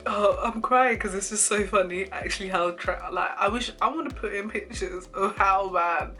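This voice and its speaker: Woman vlogger, young, bright voice, chatty storytime, faint music bed. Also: medium pitch, moderate pace. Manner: animated, laughing often, acts out quoted lines. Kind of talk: casual storytime chat.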